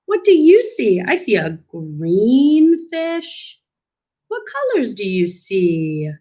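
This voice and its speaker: A woman's voice: medium pitch, big pitch swings, warm tone. A woman reading a picture book aloud to young children as a speech clinician, teaching new words in an encouraging teacher voice. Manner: slow, sing-song, encouraging teacher talk with drawn-out words. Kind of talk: children's storybook read-aloud lesson.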